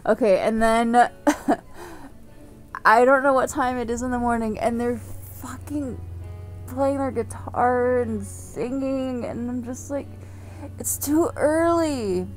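A young woman rambles to her camera in a leisurely, unhurried way, laughing easily and padding her sentences with fillers. Her voice sits a little on the high side, with faint music behind her. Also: steady tone. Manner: chatty, giggly, frequent "like" fillers. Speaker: vlogger. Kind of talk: casual rambling vlog.

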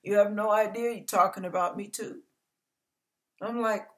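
A woman's voice: medium pitch, steady tone, normal speed, pauses often. An older woman pastor giving an online church sermon, earnest and conversational, building to emphatic repetition.

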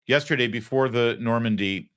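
A man's voice: mid-range voice, normal speed. A man hosting a political commentary show, talking in a sarcastic, indignant way. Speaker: host.

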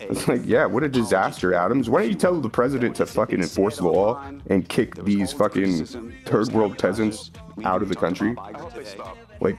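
Gravelly-voiced man ranting into a phone. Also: lowish voice. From northern United States. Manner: heated, swearing, laughs between lines. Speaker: vlogger. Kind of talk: angry profane rant.

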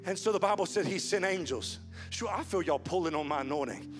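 A man preaching a sermon as pastor, swinging from hushed, slow lines to loud, fast build-ups. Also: sits high. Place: church sanctuary. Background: soft music.

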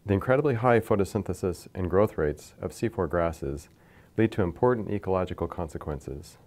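A man lecturing from slides in a measured, explanatory way, pointing to figures as he goes. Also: low-pitched, expressive, a little mellow. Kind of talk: scripted science lecture over slides.

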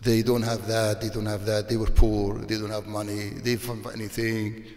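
A sheikh delivers a sermon in a hall with long reverb, his male voice on the low side at normal speed. He uses non-native English laced with frequent Arabic religious phrases and gets animated as he scolds.

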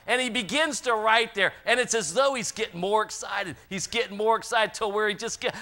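A man preaching a sermon in a church, swinging from loud impassioned calls to quiet, earnest appeals. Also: high-pitched, moderate pace. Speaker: pastor. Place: church sanctuary.

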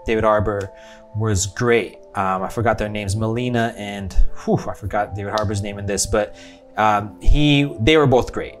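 A man with an American accent giving a casual, rambling movie review, chatty and often correcting himself mid-sentence. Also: medium pitch. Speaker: film reviewer.

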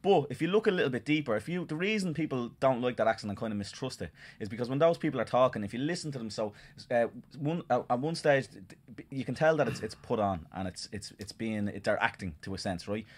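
Fast-talking earnest Irish man. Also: mid-range voice, expressive. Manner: earnest, rapid, argumentative with restarts. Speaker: guest author. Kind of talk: casual discussion.

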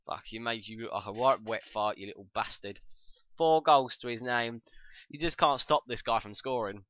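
A young man giving excitable, sweary commentary over his own gameplay, breaking into shouts. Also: medium pitch, normal speed, no echo. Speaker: gaming channel host. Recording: dull lo-fi dry mic.

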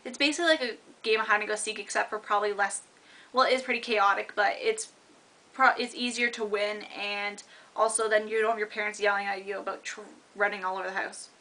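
A woman's voice: mid-range voice, steady tone, fast, pushed and bright. A young woman in university chatting casually to camera, rambling with lots of fillers and restarts. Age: young adult. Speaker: vlogger.

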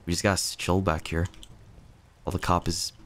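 A man's voice: low voice, level tone, a little fast, a bit bright. A young man streaming a horror game, chatting casually and reading in-game lines aloud in playful voices. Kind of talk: casual gameplay chat.

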